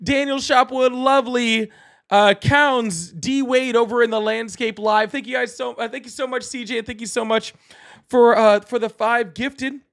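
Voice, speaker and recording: A young man hosts a live political call-in stream. His voice sits high for a man. He talks in an animated, casual way, laughs easily and is blunt with difficult callers. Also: moderate pace, gravelly. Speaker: livestream political call-in host. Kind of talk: casual livestream chat, reading donor messages.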